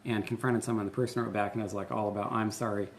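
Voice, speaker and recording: A man in his thirties talks like a pastor hosting a relaxed conversation, earnest and candid, with a voice that turns gravelly and creaky. He restarts his sentences now and then. A faint hiss sits under the recording. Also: fairly low pitch, fast talker. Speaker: pastor and show host. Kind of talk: casual conversational teaching.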